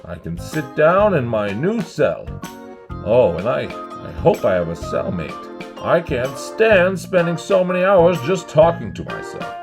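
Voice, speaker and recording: A man's voice: mid-range voice, huge pitch swings, a little slow, vocal fry, music in the background, exaggerated voice. A man voicing a boastful, chatty male supervillain in a game roleplay, theatrical and sarcastic, complaining at length. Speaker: roleplay host. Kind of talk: Minecraft roleplay voice acting.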